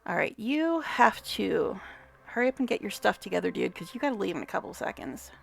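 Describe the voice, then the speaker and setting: A woman's voice: medium pitch, big pitch swings, brisk, vocal fry, husky. A woman giving casual gameplay commentary, chatty, talking to the game characters, swearing and laughing often. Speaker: gamer vlogger.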